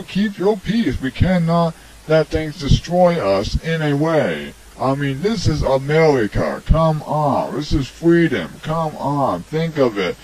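A man's voice: medium pitch, a little mellow, poor audio. A man hosting a homemade radio show, rambling through a preachy opinion monologue full of "I mean" and "come on". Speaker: amateur radio show host. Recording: homemade hobby recording.

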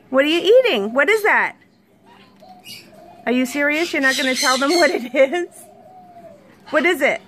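A woman's voice: sits high, expressive, unhurried, pauses often, fairly bright tone. A woman vlogger feeding her pets, talking to them in a cooing, sing-song way and chatting casually to her viewers. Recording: noisy home footage with squawking birds. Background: birds squawking.

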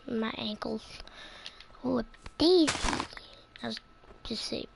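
A woman rambles through casual gameplay commentary in a slightly high, gravelly voice, taking her time and often sinking into a whisper. Her playful chatter sits over a loud hiss and clicks from a home recording. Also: takes it slowly, long pauses. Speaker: gameplay channel host.

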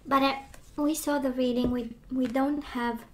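A woman losing her voice gives a gentle, reassuring tarot reading, talking with many fillers. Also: high voice, steady tone, measured pace, slight background noise. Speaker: tarot reader.

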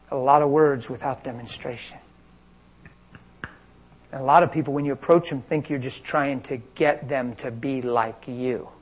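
Husky-voiced man preaching with animated stories. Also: mid-range voice, rough recording. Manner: animated storytelling, acting out quotes. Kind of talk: sermon.

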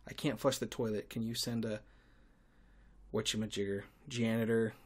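A man hosting a podcast, telling stories in a sarcastic, irritable monologue with sudden loud outbursts. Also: fairly low pitch, fairly even intonation, moderate pace. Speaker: podcast host and tour guide. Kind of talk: casual ranting monologue.

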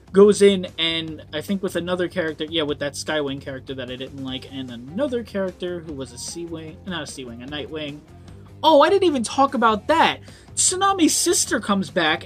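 A young man giving a casual book review, rambling with frequent ums and swearing when worked up. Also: a little high.

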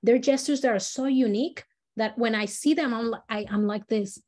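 A woman's voice: a little high, normal speed, a little mellow. A woman leading a storytelling workshop who talks in a chatty way, often restarting her sentences and acting out examples. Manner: chatty, many fillers and restarts, acts out examples. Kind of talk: casual teaching talk.

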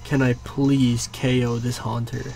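A young man recording a let's play, exasperated, pleading with the game and swearing, now and then erupting into shouts. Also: mid-range voice, flat delivery, a little slow, soft background music. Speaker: gaming YouTuber. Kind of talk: frustrated let's play commentary. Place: home room.

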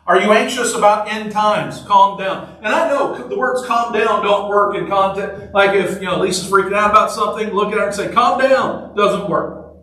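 A man's voice: sits high, steady tone, normal speed, bright, forceful tone. A man preaching a sermon in a conversational, joking way, repeating short phrases for emphasis. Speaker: pastor. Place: church sanctuary. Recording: echoey church hall from far off.

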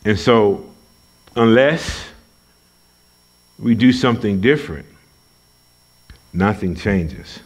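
A man's voice: on the low side, animated, slow, long pauses, slightly rough. A man preaching a sermon at a church service, emphatic and folksy, repeating his key lines for weight. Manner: conversational, folksy asides. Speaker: pastor.

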